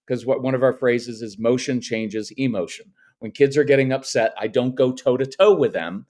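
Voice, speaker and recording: A middle-aged man, a parenting coach talking as a podcast guest, firm and even, acting out little quotes of parents and kids. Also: mid-range voice, moderate pace. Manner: firm, matter-of-fact, acts out quotes. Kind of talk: podcast interview.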